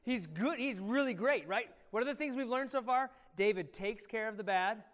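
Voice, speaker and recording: A man, a pastor, telling a Bible story to children in an animated way and quizzing them by name. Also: very high voice, normal speed. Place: church. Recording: echoey church hall.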